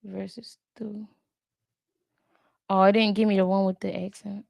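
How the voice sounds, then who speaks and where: A woman vlogging her language study in casual chat, thinking aloud, talking to her viewers and trying out words carefully and haltingly. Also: medium pitch, level tone, gravelly, a little mellow, no echo. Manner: thinks aloud, chatty, talks to viewers as "y'all".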